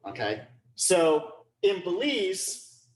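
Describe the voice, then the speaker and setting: A male law lecturer talks slowly and deliberately, in a slightly higher register than most men. He keeps pausing to ask if the point landed and repeats himself to drive it home. The sound is roomy and echoey. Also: big pitch swings, slight background noise. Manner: checks understanding often, repeats phrases.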